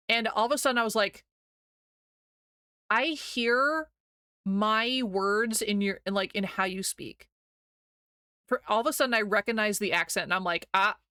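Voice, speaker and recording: A young woman with a light Missouri accent chats loosely with her viewers, rambling from one thought to the next and giggling often. Her voice is bright and forceful. The sound is dry and close, with no room around it. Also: mid-range voice, no echo. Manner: chatty, rambling, giggly, reads chat aloud. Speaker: streamer. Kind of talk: casual chat with stream chat.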